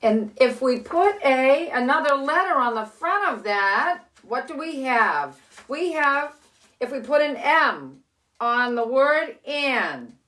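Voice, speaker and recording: An older woman with six grandchildren, teaching letter sounds to children in a slow, cheerful, encouraging way from her living room. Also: high voice, big pitch swings, fairly bright tone. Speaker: children's story host. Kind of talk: phonics lesson and read-aloud for children.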